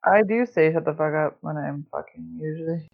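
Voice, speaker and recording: A woman's voice: deep voice, brisk, vocal fry. Woman, casual chat, foul-mouthed rambling stories, dull lo-fi recording. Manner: profane, rambling storytelling with many fillers. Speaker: podcast host. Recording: dull lo-fi sound.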